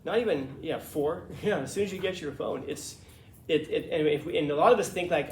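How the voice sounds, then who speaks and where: A man's voice: fairly high pitch, brisk, a little hiss or hum. Emphatic male teacher in an echoey classroom. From Los Angeles. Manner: conversational, emphatic, acts out quoted voices. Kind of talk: classroom lecture.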